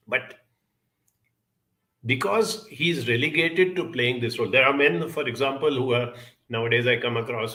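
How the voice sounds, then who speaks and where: A man's voice: mid-range voice, sharp tone. A man giving a reflective monologue, telling a childhood story and acting out the voices of the people in it. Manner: storytelling, acts out quoted voices. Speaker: speaker giving a talk.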